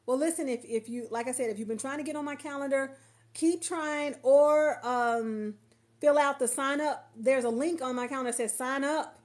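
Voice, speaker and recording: A woman's voice: sits high, moderate pace, darkish tone. A woman coach chatting casually to viewers on a livestream from her couch, affectionate and rambling, often repeating herself. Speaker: coach and marketer. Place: at home on a couch.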